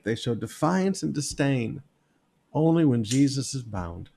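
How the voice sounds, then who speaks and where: A man preaching a sermon, reading scripture aloud and commenting on it in an animated, wry way. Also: mid-range voice, unhurried, creaky. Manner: animated, wry, reads passages with emphatic quoted voices. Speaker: pastor.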